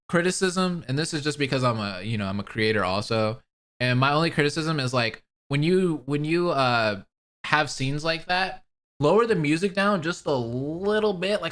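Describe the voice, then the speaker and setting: A man casually commenting on a video he is watching, excitable and chatty, often repeating himself. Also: fairly high pitch. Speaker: reaction commentator.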